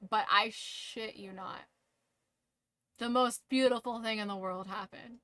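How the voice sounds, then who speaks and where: A woman's voice: mid-range voice, steady tone, takes it slowly, pushed and bright, no echo. A woman streamer telling a story in casual talk to her live stream. She giggles often, swears freely and fills her talk with "like".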